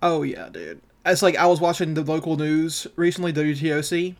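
A man co-hosting a casual podcast, talking in a loose, profane, ranting way with a slightly raised pitch. His voice sits a little higher than most men's and carries a steady, animated energy. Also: normal speed, gravelly. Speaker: podcast co-host.

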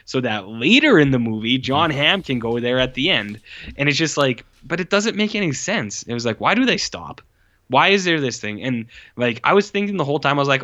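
A man talks through his opinions in a loose, rambling podcast chat, leaning hard on "like" and dropping curse words without a second thought. His voice is bright and a little tense. The recording sounds dull and lo-fi. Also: medium pitch. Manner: rambling, says "like" constantly, blunt and swears. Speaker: podcast co-host reviewing a movie. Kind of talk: casual chat.

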